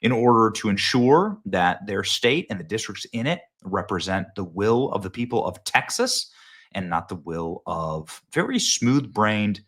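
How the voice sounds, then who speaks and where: A man's voice: on the low side, big pitch swings, measured pace, a bit bright. A male host giving sarcastic, mocking political commentary in a casual style.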